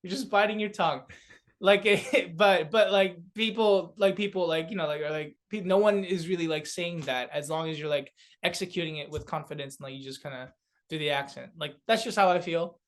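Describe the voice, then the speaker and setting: A man's voice: on the high side, a little fast. A young man from South Korea, chatting as a guest on a comedy podcast, telling stories with lots of fillers and laughs. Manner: laughing, animated storyteller with many fillers. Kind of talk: casual podcast chat.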